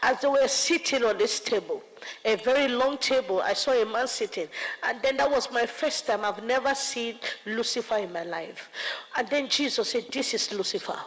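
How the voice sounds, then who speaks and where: A woman's voice: fairly high pitch, normal speed, long reverb tail, low-quality recording. A woman giving an emotional religious testimony, fervent and pleading, at times close to tears. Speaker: testifying speaker.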